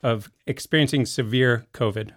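A man's voice: medium pitch, moderate pace, dry recording, studio quality. A man, the podcast's producer, reading out a news item in a casual, self-deprecating way. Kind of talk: casual chat.

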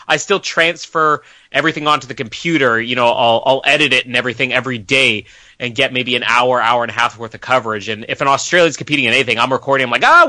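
Male podcast co-host with a bright voice, relaxed storytelling, dry mic. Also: medium pitch, dry recording. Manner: chatty, laughing storyteller. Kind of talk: casual sports chat.

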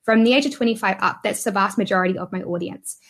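A woman's voice: mid-range voice, fast, gravelly. A woman with a New Zealand accent, a YouTuber guest chatting casually in an interview, laughing often and filling her talk with ums and restarts. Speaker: guest, online business YouTuber.

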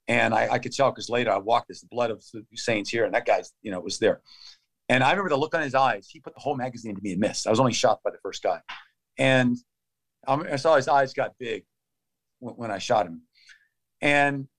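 A man in his fifties being interviewed, telling a story in urgent, clipped phrases that come out in a fast play-by-play. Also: mid-range voice. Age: 50s. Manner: vivid, urgent play-by-play retelling of combat. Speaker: interview guest. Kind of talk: conversational storytelling.

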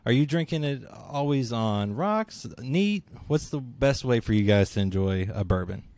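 A man hosting a casual interview over a video call, easygoing and quick to laugh. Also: mid-range voice, animated, darkish tone. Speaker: show host.

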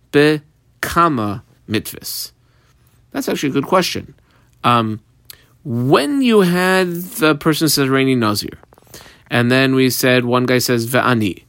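A man's voice: mid-range voice, a bit bright, dry recording, studio quality. A man teaching a Talmud page step by step, mixing Aramaic and Hebrew terms into plain English explanation. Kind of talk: page-by-page Talmud study lesson.

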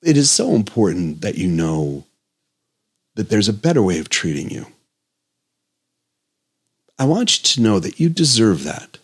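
A man's voice: lowish voice, very animated, measured pace, pauses often, slightly rough. A man hosting his own health podcast as a doctor, speaking in an earnest, emotional, pleading monologue.

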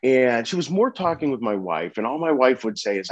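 A man in his thirties telling a personal story with earnest, halting speech full of restarts and fillers. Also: mid-range voice, big pitch swings, no echo, dull audio. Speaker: interview guest sharing a personal story.

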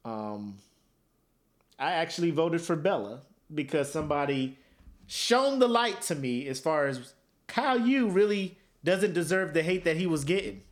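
A man with a slightly high voice, speaking at a measured pace, co-hosts a podcast. He tells stories in an animated, casual comedic chat and slips into silly voices.

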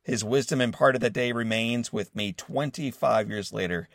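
Clean studio sound with no echo captures a creaky, medium-pitched male voice at a moderate pace. The speaker, in his forties, hosts a motivational podcast and reads a scripted inspirational monologue, sharing a personal story earnestly while talking warmly and directly to his audience.

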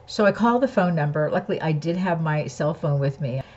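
Lady with a low husky voice, earnest storytelling, kinda dull lo-fi sound. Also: expressive, brisk, a little mellow. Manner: earnest, candid, lesson-drawing. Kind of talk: personal storytelling and spiritual talk.

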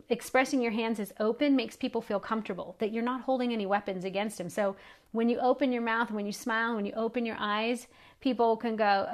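A middle-aged woman with a slightly high voice hosts a faith podcast. She talks earnestly and pleads with her listeners, circling back to the same phrases again and again for emphasis. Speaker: podcast host. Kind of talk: faith-based encouraging talk.

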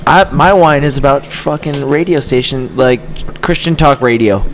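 A man's voice: medium pitch, moderate pace, over a noisy crowd. A man co-hosting a podcast, telling a rambling, filler-heavy story in casual chat. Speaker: podcast co-host.

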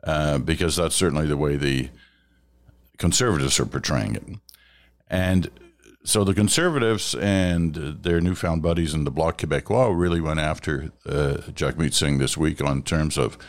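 A man hosting a casual political chat, conversational and animated, acting out quotes as he tells a story, with the hiccups. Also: extremely low pitch, moderate pace. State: has the hiccups.

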